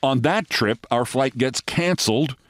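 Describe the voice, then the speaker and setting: An older man hosting a show, telling a long anecdote in a lively way and acting out the dialogue. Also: mid-range voice, measured pace, dry recording. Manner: lively storyteller, acts out quoted dialogue. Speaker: host. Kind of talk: storytelling anecdote.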